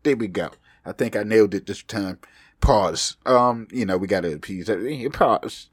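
Clean studio audio without echo captures a young man's fairly low voice at normal speed. He rambles alone on his podcast in a loose, profane, self-deprecating style, and he has a slight speech impediment.

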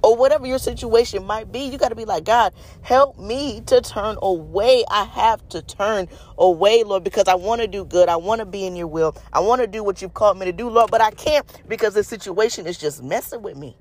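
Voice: mid-range voice, fast, hardly any pauses, a little mellow. A preacher giving an impassioned devotional message, repeating phrases for emphasis and speaking straight to the listeners. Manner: calls out to the audience with "y'all" and "you guys".

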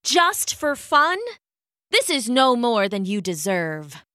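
A woman's voice: high voice, big pitch swings, bright, forceful tone, no echo, clean studio sound, full character voice. A woman putting on a crooning, sinister fairy. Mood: mocking. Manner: slow, crooning and mocking. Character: taunting female energy-stealing fairies, sweet turning sinister.

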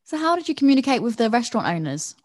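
A woman's voice: fairly high pitch, sing-song, racing, no room sound, clean studio sound. A woman from England interviewing a guest, asking curious follow-up questions.

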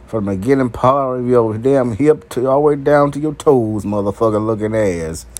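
A man delivering a raw, uncensored monologue to his viewers, brash, profane and animated, breaking into laughter. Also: medium pitch, moderate pace. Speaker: vlogger.

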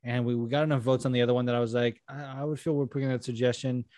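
A man's voice: mid-range voice, flat delivery, racing, a little mellow, dry recording, clean studio sound. A man co-hosting a podcast in casual, profane chat, giggling often. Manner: profane, giggly, acts out voices in stories. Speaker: podcast co-host.

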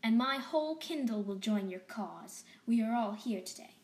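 A woman's voice: on the high side, animated, normal speed, darkish tone, reverberant. A woman voicing a fluffy Siamese she-cat who leads her clan, speaking with dignity. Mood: dignified.

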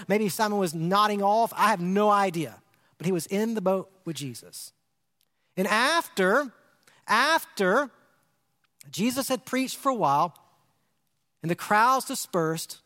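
A man's voice: sits high, a bit bright. A man pastor preaching a conversational sermon, asking the congregation questions and often repeating words as he restarts phrases. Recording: long hall reverb.

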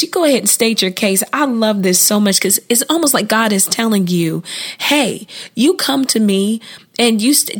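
A woman hosting a devotional podcast, talking in an earnest, conversational way with sudden jumps in pitch, frequent laughs and restarted phrases. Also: husky. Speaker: podcast host and devotional speaker. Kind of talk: informal devotional talk.

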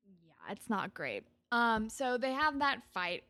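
A woman co-hosting a podcast, casually recapping a TV episode and acting out the characters' lines in quick quoted bits, with lots of fillers. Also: on the high side. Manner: animated retelling with quoted voices, frequent fillers. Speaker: podcast co-host.

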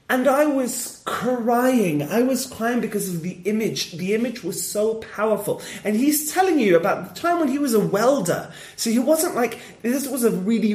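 A man who does stand-up, chatting casually on a podcast and telling stories with lively energy and frequent laughs. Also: high voice, reverberant. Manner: animated storyteller, laughs often. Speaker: stand-up comedian.

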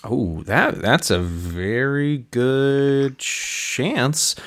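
A man's voice: mid-range voice, expressive, very slow, fairly bright tone. A man co-hosting a gaming podcast, easygoing and chatting casually. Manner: easygoing, laughs along. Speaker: podcast co-host. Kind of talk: casual chat.

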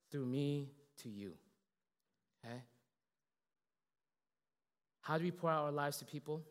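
Man preaching casually in a reverberant church. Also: mid-range voice. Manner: casual, animated preaching with many fillers and self-deprecating jokes. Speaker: pastor. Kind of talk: sermon.

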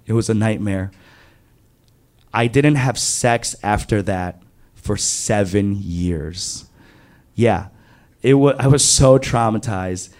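A man in his thirties telling a candid, confessional true story on stage, animated in his retelling. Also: on the low side. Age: 30s. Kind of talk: live true-story monologue.

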